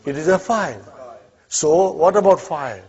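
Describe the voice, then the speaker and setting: A man teaches an Arabic class in a slightly high, darkish voice, animated and at normal speed. He leads students through example sentences, patient and encouraging, with many "huh?" and "okay?" checks. It's recorded in a classroom with dull, lo-fi sound.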